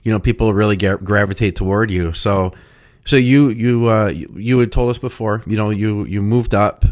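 A man's voice: lowish voice, normal speed. Agreeable male podcast host. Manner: agreeable, supportive interviewer. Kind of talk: casual interview chat.

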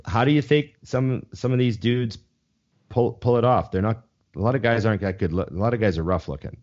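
A man's voice: lowish voice, fairly quick, darkish tone. A young man co-hosting a podcast in casual chat, rambling and swearing freely, often restarting his sentences. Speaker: podcast co-host. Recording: slightly dull lo-fi sound.

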